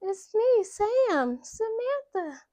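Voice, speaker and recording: A woman's voice: extremely high pitch, big pitch swings, extremely slow, dark tone, dry recording, pitched above the performer's own voice, exaggerated voice. A woman doing a sugary, clingy flirt. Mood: eager.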